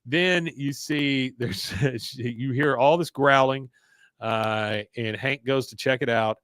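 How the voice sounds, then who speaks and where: A man's voice: medium pitch, a bit bright, clear, resonant tone, dry recording, clean studio sound. Man retelling a cartoon episode. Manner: acts out quoted characters in quick snippets. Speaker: podcast host recapping an episode. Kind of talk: casual chat, retelling scenes.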